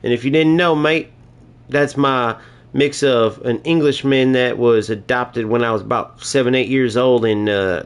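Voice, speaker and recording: A man's voice: medium pitch, lightly acted. A man putting on a jokey English-bloke voice, chummy and hammy, dropping "mate" into his lines. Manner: says "mate" a lot, hammy.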